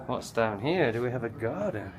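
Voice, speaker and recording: An English man with an everyday mid-range voice, touring a place on a handheld camera and reacting loudly with awe. He gasps, swears and exclaims as he goes, in a casual vlog style. A faint hiss of background noise sits under his voice. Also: medium pitch, normal speed. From England. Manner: excitable, gasping and exclaiming in awe. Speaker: travel vlogger.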